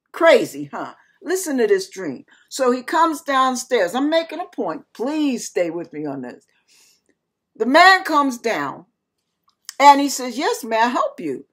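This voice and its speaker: A woman ministry host telling a personal testimony, animated, acting out the people in her story with frank asides to her listeners. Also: sits high.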